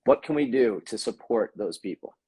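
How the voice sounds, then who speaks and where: A husky man talks through his ideas in an earnest, thoughtful way. He speaks as a podcast guest in casual conversation, stopping often for an um or a restart. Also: lowish voice, expressive, moderate pace, warm tone. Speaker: podcast guest, tantra coach.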